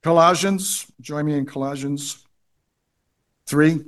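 A man's voice: fairly high pitch, fairly even intonation, slow, a bit bright. A man preaching a sermon, reading scripture aloud and repeating key phrases for emphasis. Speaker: pastor.

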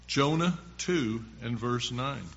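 A man preaching a sermon, reading scripture verses slowly with strong emphasis. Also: medium pitch, fairly bright tone, highs cut off.

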